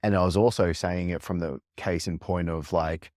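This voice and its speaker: Low-voiced male host in his thirties, reflective and searching, thinks aloud. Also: steady tone, normal speed, darkish tone, no echo, clean studio sound. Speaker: podcast host. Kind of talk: reflective conversation.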